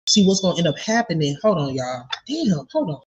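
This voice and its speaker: A woman's voice: on the low side, sing-song, fairly quick, dull audio, background noise. A woman venting to her viewers in an indignant, profane, casual rant about a personal story. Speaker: vlogger telling a personal story.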